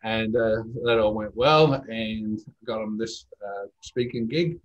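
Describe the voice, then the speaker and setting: A man's voice: on the low side, slow pace, muffled recording. A middle-aged man with an Irish accent, telling anecdotes as a guest in a casual interview, chatty and self-deprecating. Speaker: guest, speaker agency owner.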